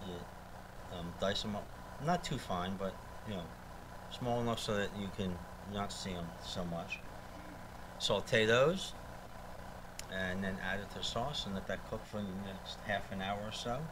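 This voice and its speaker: Easygoing low-voiced man. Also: a little slow. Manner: relaxed, easygoing, hesitant fillers. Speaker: guest cook. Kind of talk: casual chat. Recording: live radio studio with steady noise.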